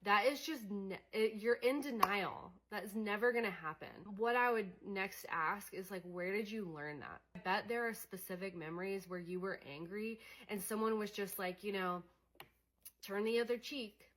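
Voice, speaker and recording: A woman's voice: mid-range voice, normal speed, hardly any pauses, a bit bright. A young adult woman coaching on emotions in a candid, conversational way, with many fillers. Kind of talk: casual teaching monologue.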